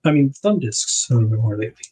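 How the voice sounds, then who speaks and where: A man's voice: medium pitch, lively intonation, quick pace, warm tone, slight background noise, low-quality recording. A man hosting a casual livestream, rambling and correcting himself with little laughs as he packs things up. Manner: narrates while packing items. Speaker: livestream host.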